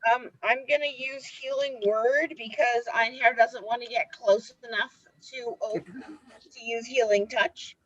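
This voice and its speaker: Brief: slow female player, dry, dull-sounding mic. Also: fairly high pitch, fairly even intonation, a bit bright, no echo. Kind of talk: tabletop role-play.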